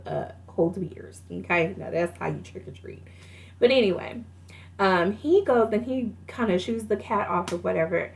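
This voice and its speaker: A woman's voice: on the low side, creaky. A young woman casually reviewing a movie, retelling scenes in a chatty way with lots of fillers and laughter.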